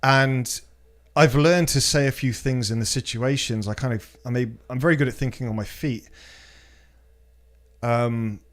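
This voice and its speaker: A British man talking casually on a podcast in a voice of ordinary pitch. He tells personal stories bluntly and swears freely, with a quick, frank delivery.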